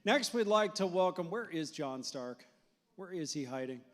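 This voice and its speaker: A man's voice: on the high side, animated, normal speed, a bit bright. A man acting as an event emcee, introducing speakers with playful, joking banter. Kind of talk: public speech introducing speakers. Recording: long hall reverb.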